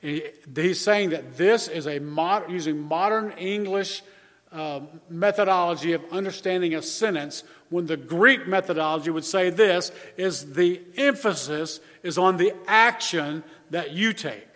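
Male pastor, sermon delivery, fairly high voice, earnest and measured, long reverb. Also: fairly bright tone. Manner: earnest, measured preaching with repeated emphasis.

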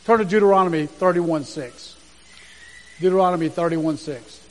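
High-voiced male pastor in a reverberant hall. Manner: earnest, reads scripture aloud slowly with emphasis. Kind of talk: sermon.

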